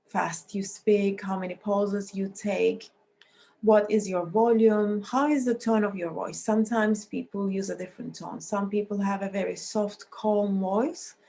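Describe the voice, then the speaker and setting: Woman lecturer with a scratchy, mellow voice. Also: mid-range voice. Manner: explanatory, with frequent restarts and non-native phrasing. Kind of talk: recorded university lecture.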